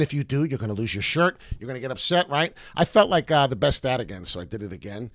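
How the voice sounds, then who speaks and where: Upbeat male crypto vlogger with a slightly cracking voice, lively rising and falling delivery, dry close sound. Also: mid-range voice, fast, hardly any pauses, no echo. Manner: excitable and chatty, with many "uh" fillers; breaks into loud off-key singing. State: voice cracking in the morning. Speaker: crypto chart analyst and channel host. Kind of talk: casual crypto chart commentary.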